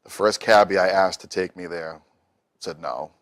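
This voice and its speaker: A middle-aged man tells stories in a relaxed, chatty way. His voice sits a little low, and he slips into the voices of the people he talks about. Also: moderate pace. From Boston. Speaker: musician guest. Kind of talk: casual storytelling.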